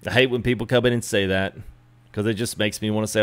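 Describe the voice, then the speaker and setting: A man's voice: on the low side, steady tone, fast, fairly bright tone, clean tone. A man chatting casually with live viewers while customizing a truck in a game, greeting them by name. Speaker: streamer. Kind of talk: live gameplay stream chat.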